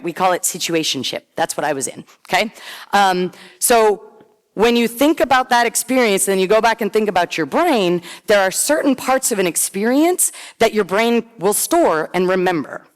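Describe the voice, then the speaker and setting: A middle-aged woman giving a conference talk, telling a story in a chatty, animated way and acting out what others said. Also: medium pitch. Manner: chatty, animated, acts out quoted voices. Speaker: conference presenter. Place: large conference hall. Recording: long hall reverb.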